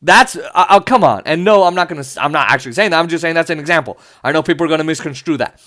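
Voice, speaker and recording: A man's voice: on the high side, very fast, a bit bright. A young man hosting a podcast, ranting in an exasperated, sarcastic way and swearing often. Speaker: podcast host. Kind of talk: ranting political commentary.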